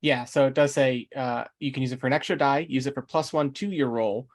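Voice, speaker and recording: Relaxed man playing a tabletop game. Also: mid-range voice, fairly quick. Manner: relaxed, thinking aloud with fillers. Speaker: player. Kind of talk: casual tabletop game chat.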